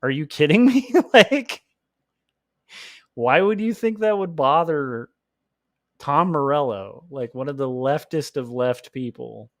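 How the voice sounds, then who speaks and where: A comics artist streaming his drawing speaks slowly with frequent pauses, his mid-range voice a bit bright and recorded in studio quality with no room sound. He rambles casually, laughs often, and says "like" constantly.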